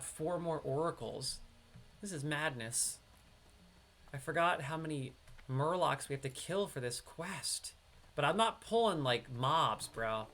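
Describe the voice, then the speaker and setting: A man from upstate New York giving live, slangy commentary while playing an online game with a teammate. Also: fairly high pitch. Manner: excitable, slangy banter with a teammate. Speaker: streamer.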